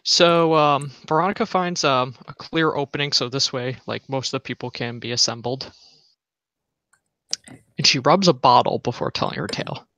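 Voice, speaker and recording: A woman player telling an in-game tale in a halting way, with fillers and restarts. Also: extremely low pitch, a bit bright, dry recording.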